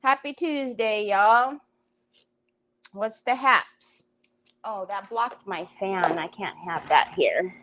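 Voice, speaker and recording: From her home, a woman hosts a crafting livestream, greeting her live viewers by name as they chat casually, with bursts of loud laughter and exclamation. She has a mid-range voice and a slow pace, and the recording is rough.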